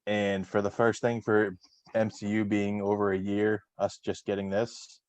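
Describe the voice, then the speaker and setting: A man's voice: fairly low pitch, monotone, a little slow, darkish tone, dry recording. A man hosting a casual recap chat, rambling with many fillers and restarts. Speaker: podcast host.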